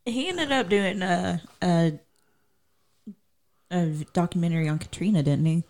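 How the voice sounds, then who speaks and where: A woman's voice: on the low side, expressive, a little slow, a little mellow. A woman in a casual podcast chat, curious and chatty, asking follow-up questions.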